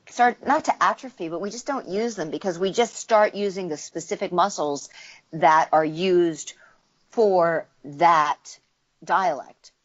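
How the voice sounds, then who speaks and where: A woman from the United States, a voice actor and dialect coach, explaining things in a casual interview and demonstrating sounds with her voice. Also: medium pitch. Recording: slightly muffled interview audio.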